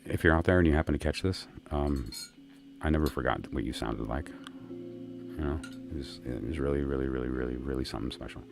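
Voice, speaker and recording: A man with an extremely deep, low voice, chatting casually and tiredly on a livestream. He rambles, circles back, and fills his gaps with plenty of ums and uhs. A faint bed of music plays quietly behind him. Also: brisk, vocal fry. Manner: rambling and chatty, many fillers and restarts. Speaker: livestream host chatting with viewers.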